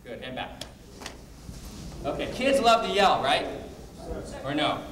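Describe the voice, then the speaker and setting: A man teaching a martial arts class, explaining technique in a brisk coaching manner between called-out drill counts. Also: a little high, big pitch swings, a crowd in the background. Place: martial arts training hall. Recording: echoey hall, distant mic, background noise.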